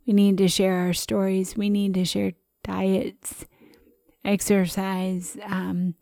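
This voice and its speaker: A woman co-host talking in a chatty, animated way, often breaking into laughter. Her voice has a noticeable gravelly fry. The sound is dry and close to the mic. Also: mid-range voice, takes it slowly, no echo. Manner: chatty and expressive, with frequent laughs. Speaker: podcast co-host. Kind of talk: casual conversation.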